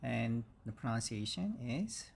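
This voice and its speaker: A man teaching English vocabulary, speaking slowly and repeating each word several times for learners. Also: mid-range voice, very animated, creaky, a little hiss or hum. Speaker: English instructor. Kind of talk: slow vocabulary lesson.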